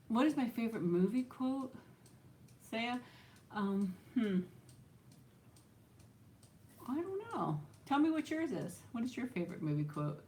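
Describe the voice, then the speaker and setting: A middle-aged woman chatting on a live stream, rambling through viewer questions and laughing often. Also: medium pitch. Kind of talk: casual live-stream chat.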